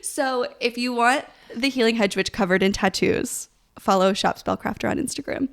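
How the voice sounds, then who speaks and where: A woman's voice: fairly high pitch, normal speed, gravelly. A young woman co-hosting a casual podcast, bubbly and rambling, laughing often as she talks. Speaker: podcast co-host.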